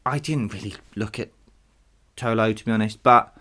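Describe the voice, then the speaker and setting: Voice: mid-range voice, normal speed, sharp tone. A podcast host talking casually on their own, chatty and self-deprecating, with frequent asides. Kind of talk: casual solo podcast commentary.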